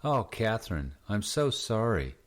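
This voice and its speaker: A man's voice: fairly low pitch, very animated, unhurried. A man doing a comforting young boyfriend.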